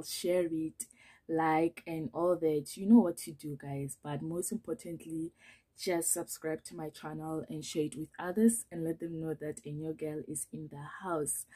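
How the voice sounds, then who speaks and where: A young woman talks casually to camera in a nervous, chatty way, filling her speech with ums. Her voice is low-pitched, mellow and a little husky. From South Africa. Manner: nervous, chatty, many fillers. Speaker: vlogger.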